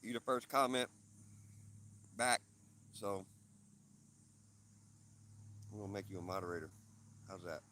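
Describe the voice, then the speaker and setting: A man's voice: low-pitched, measured pace, long pauses, sharp tone, a little hiss or hum. A man hosting a casual livestream from his homestead, joking with his chat in a laid-back way. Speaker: livestream host. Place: outdoors on a homestead.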